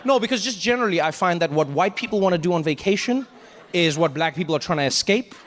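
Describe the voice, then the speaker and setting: Casting note: male stand-up from South Africa, fairly high voice, loose animated storytelling on stage. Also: fast, in a large hall, slight background noise. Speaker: stand-up comedian. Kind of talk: stand-up comedy. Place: comedy stage before an audience.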